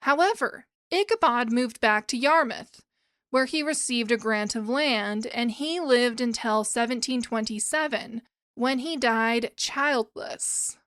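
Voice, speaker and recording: Woman, podcast host, chatty, rambling asides, fairly high voice, dry close sound. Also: a bit bright, dry recording. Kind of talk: casual podcast chat about classic literature. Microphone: new microphones.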